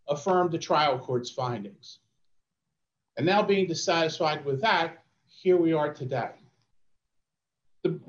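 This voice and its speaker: A man's voice: a little high, dull audio. Formal male attorney in a roomy courtroom. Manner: measured and formal, with frequent restarts. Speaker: attorney arguing an appeal. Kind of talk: formal courtroom oral argument.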